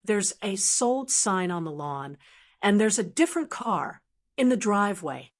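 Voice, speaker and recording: A man's voice: sits high, big pitch swings, measured pace. A woman voicing a frantic, stammering grown son. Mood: alarmed.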